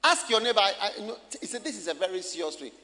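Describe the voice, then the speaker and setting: A male pastor preaches from the pulpit, his unusually high voice bright and forceful. He swings widely in pitch and shouts his points, questioning the congregation as he goes. The sound carries the long reverb of a church hall, with faint room noise underneath. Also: sing-song, racing. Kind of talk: sermon.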